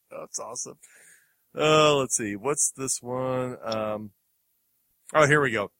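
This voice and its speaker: A man's voice: medium pitch, takes it slowly, pauses often, bright, forceful tone, no echo. A man hosting a film review podcast, chatting casually with fillers and laughs as he plays clips. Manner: rambling, chuckling, many fillers. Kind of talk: casual chat.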